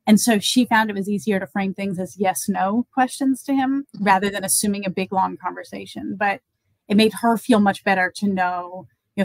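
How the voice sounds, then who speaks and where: A woman's voice: medium pitch, moderate pace, no echo, poor audio. Thoughtful woman guest, very dry sound. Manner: thoughtful, example-driven, many fillers. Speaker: guest expert on end-of-life conversations. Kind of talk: conversational interview answers.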